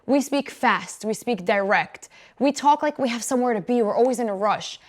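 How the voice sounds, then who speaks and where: A young woman hosts her show, delivering scripted commentary with a sassy, opinionated edge. Her delivery is quick and brash, landing each point with attitude. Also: a little high. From New York. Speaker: host.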